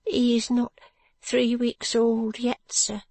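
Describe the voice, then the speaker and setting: A woman voicing a poor, weary brickmaker's wife who speaks softly and sorrowfully in an audiobook. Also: fairly high pitch, completely flat delivery, slow, vocal fry, dry recording, pitched above the performer's own voice, exaggerated voice. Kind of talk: audiobook narration.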